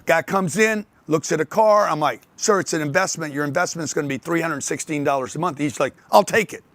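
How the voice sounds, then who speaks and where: An older man giving a motivational talk on sales to an audience, telling lively stories and acting out the voices of other people. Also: on the high side, fairly quick, no echo. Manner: animated storytelling, acts out others' voices. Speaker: speaker on sales and wealth.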